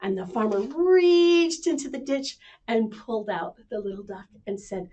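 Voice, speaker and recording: Animated woman telling children's stories. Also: fairly high pitch, moderate pace. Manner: animated, speaks to kids at home. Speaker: children's librarian. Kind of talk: children's storytime reading.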